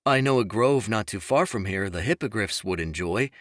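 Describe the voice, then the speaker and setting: A male audiobook narrator voicing a steady young officer who asks someone out in an earnest, measured way. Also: fairly low pitch, dry recording, clean studio sound, lightly acted. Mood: hopeful. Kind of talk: audiobook character voice.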